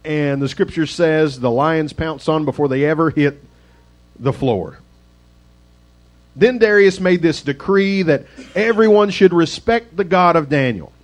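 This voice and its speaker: Pendeta pria yang santai dan mengobrol. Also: male voice, a little high, a little slow. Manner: casual, self-deprecating, rambling asides. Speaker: pastor. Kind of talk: conversational sermon.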